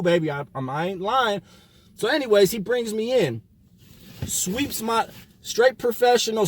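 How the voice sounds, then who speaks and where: A man with a high, husky voice tells a personal story in loose street slang. He swears freely and acts out every exchange. The room is dry and close. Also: dry recording. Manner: animated, profane street slang, acts out quotes. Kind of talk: casual storytelling.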